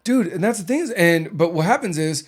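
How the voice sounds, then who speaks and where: A man's voice: high-pitched, expressive, fairly quick. A man hosting a casual podcast, rambling and restarting his sentences, often repeating words. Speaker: podcast host.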